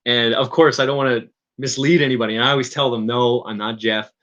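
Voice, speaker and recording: Man, from Newfoundland, casual chat, bright tense voice, rambling, restarts often. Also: mid-range voice, steady tone, dull audio. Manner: rambling, halting, with frequent restarts and chuckles. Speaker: streamer.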